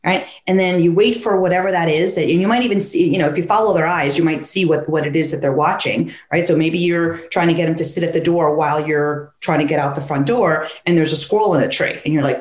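A woman and dog trainer talking casually, lively, who keeps acting out what a dog or its owner would say. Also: on the low side, quick pace, few pauses. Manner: animated, acts out dog and owner voices. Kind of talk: conversational podcast talk.

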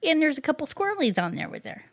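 A woman co-hosting a podcast in casual chat, relaxed and rambling with fillers. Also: high voice, fast talker. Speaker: podcast co-host.

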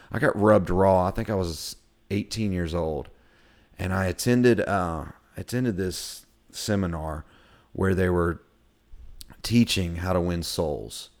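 Casting: middle-aged male co-host, very low voice, rambling, lots of ums and restarts. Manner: rambling with many fillers and restarts. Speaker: podcast co-host. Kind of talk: casual faith-based discussion.

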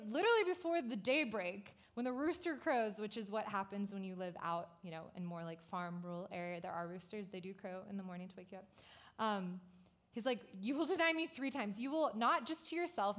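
A woman pastor giving a youth sermon in a casual, conversational way, telling the story with animated asides and lots of "like" fillers. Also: mid-range voice, a little fast.

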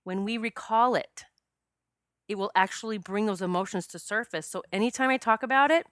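A woman's voice: medium pitch, fairly quick, fairly bright tone, smooth, no room sound, clean studio sound. A woman who works as a past life regression specialist, telling a personal story in an earnest, emotional way with many fillers and restarts, choking up at times. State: choked up at times.

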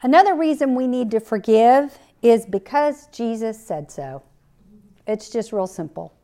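A woman's voice: a little high, expressive, measured pace, mellow. A middle-aged woman hosting a faith podcast, earnestly telling a personal story and quoting scripture. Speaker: podcast host. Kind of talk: faith-based podcast talk.

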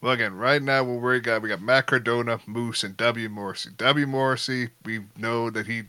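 A man's voice: mid-range voice, steady tone, moderate pace, bright, forceful tone, smooth, dry recording. A man co-hosting a casual wrestling chat, confidently insisting on his predictions. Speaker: podcast co-host.

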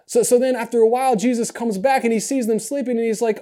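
A male pastor delivering a sermon in an easy, conversational style. His tone is mellow and warm, and he often doubles back, repeating words as he talks. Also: very high-pitched, fairly quick, hardly any pauses. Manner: conversational, animated preaching with frequent restarts and repeated words.

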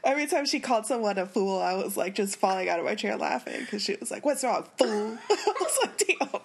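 A woman's voice: mid-range voice, very animated, fast, creaky, husky. A woman co-hosting a podcast, chatting casually about a book, laughing often and agreeing with short replies. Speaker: podcast co-host.

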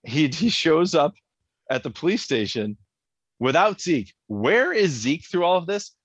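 A man's voice: fairly high pitch, a little slow, slightly rough, dry recording. Laughing man recapping a show. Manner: animated, laughs often, acts out quotes. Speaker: podcast co-host. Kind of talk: casual chat recapping a TV episode.

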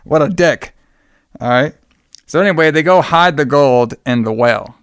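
Smooth-voiced man cracking profane jokes. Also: lively intonation, normal speed, no room sound, studio quality. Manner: profane, joking, acts out characters in a high voice. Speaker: podcast host. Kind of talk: casual movie recap chat.

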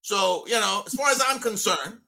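A man's voice: high voice, moderate pace, vocal fry, bright, forceful tone. A man giving a fired-up, blunt rant on a casual sports podcast, leaning on "you know" a lot. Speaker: co-host giving a weekly rant.

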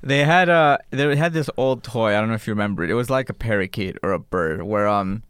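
A man's voice: on the low side, fairly quick, fairly bright tone, clean tone, no echo, clean studio sound. A young man telling a funny anecdote to friends in a casual chat. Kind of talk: casual storytelling.

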